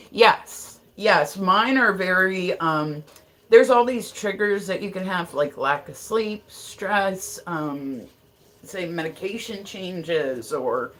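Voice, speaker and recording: A woman's voice: lowish voice, fairly bright tone. Blunt, swearing livestream woman from Ohio. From Ohio, USA. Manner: blunt, swears freely, greets chat by name. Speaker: livestream host. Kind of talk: casual live-stream chat.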